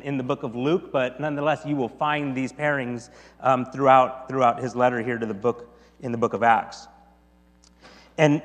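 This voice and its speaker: A man preaching a sermon as pastor and reading scripture aloud, dropping to a hush and then rising loud to stress his lines. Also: mid-range voice. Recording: long hall reverb with mains hum.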